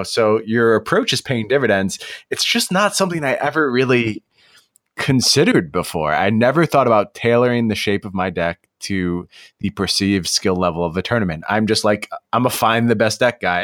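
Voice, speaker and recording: A man hosting a casual podcast chat, relaxed and musing, a little self-mocking. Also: fairly low pitch. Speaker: podcast host.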